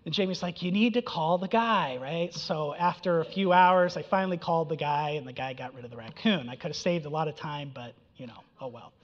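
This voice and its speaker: A man's voice: a little high, a little fast, hardly any pauses. A man preaching a sermon in a conversational way, often checking in with "right?" and "okay?". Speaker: pastor. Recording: dull sound with long reverb in a hall.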